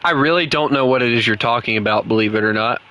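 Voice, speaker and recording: A man's voice: mid-range voice, fast, sharp tone, rough recording. A man, chatting casually with teammates and chat while streaming a game, laughing often. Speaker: gaming streamer. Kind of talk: casual live gameplay chat.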